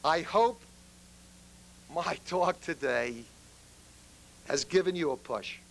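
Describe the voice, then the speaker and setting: A man's voice: fairly high pitch, slow, vocal fry. An earnest man giving a public speech as a guest speaker, telling a story to make his point.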